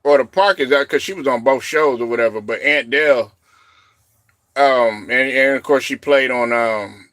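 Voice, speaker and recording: A man hosting a casual live stream, rambling and laughing often, breaking into loud shouted reactions. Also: mid-range voice, normal speed, dry recording, clean studio sound. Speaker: show host.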